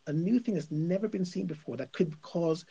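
A man's voice: a little high, moderate pace, creaky, warm tone, slightly rough. A male radio host giving opinionated commentary, emphatic and insistent, repeating his points.

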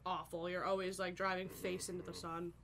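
A woman in casual chat, cracking crude jokes with quick comebacks. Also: fairly low pitch, flat delivery, a bit bright, slight background noise.

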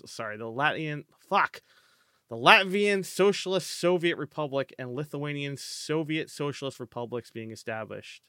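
A man's voice: mid-range voice, sharp tone, smooth, no room sound, studio quality. A man co-hosting a podcast in casual chat, swearing often, stumbling over names and reading passages aloud. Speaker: podcast co-host.

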